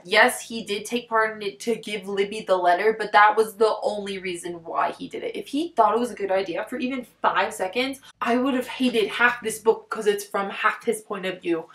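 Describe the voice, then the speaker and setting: A woman giving a casual book review at home, excitable and rambling, with lots of "like" fillers. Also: mid-range voice, roomy sound. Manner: excitable and rambling, heavy use of "like". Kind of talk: casual book talk vlog. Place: top-floor apartment at home.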